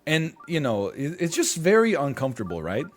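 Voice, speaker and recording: A young man reacts to posts on his stream, talking casually into a desk mic. His pitch swings widely as he mocks what he reads, often dropping into sarcastic put-on quotes. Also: huge pitch swings, a little fast, slight background noise.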